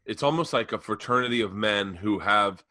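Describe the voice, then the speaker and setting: Bright-voiced rambling male podcast co-host. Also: fairly low pitch, moderate pace, dry recording. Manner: rambling storyteller, acts out exchanges; profane. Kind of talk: casual comedic chat.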